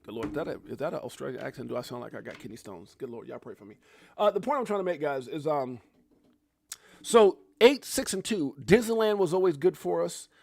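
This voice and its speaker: A man's voice: fairly high pitch, big pitch swings, a little fast, gravelly, darkish tone, dry recording. Easygoing male livestream host, forties, conversational, dry mic. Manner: laid-back, chatty, calls viewers bro and fam. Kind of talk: casual live chat reading viewer comments.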